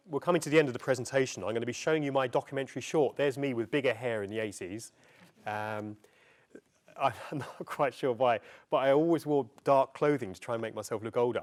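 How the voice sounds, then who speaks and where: Speaking a little low, a middle-aged presenter from England addresses a crowd at a festival venue. His public talk is relaxed, anecdotal and chatty, broken up often by ums and uhs.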